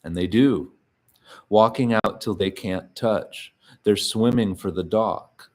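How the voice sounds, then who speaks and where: A man reads first-person literary fiction in a deep, low voice. He takes his time, leaving pauses between short phrases and keeping the delivery quiet and even. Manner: slow, measured, quiet delivery with frequent pauses.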